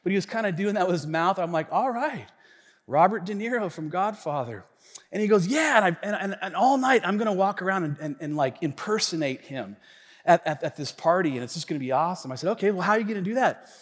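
A man's voice: high voice, fast. A male pastor telling a story in his sermon, acting out the lines of the people in it, recorded in a church. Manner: animated storytelling, acts out friend's lines. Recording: long reverb of a church hall.

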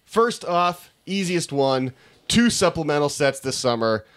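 A man co-hosting a casual podcast who gets excited easily and laughs often while he chats. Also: on the high side, a little slow, clear, resonant tone. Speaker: podcast co-host.

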